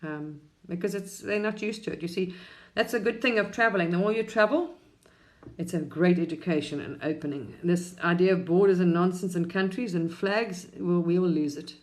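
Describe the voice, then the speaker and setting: A middle-aged woman from England chats on a live stream in a lower voice. She rambles, drifts between thoughts and laughs often. Her voice carries the echo of a roomy space. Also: normal speed. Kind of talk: casual spiritual talk on a live stream.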